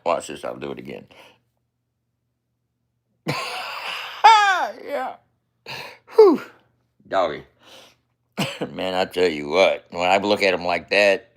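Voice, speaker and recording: A man in casual, profane chat who laughs and coughs between lines and walks the viewer through his screen step by step. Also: low voice.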